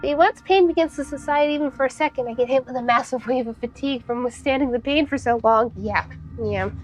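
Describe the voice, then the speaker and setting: A woman's voice: high voice, fairly quick, faint music behind. A young woman streaming a game, chatting casually with viewers, full of fillers and easy laughter. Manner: chatty and warm with chat, frequent fillers and laughs. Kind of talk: casual gaming stream chat.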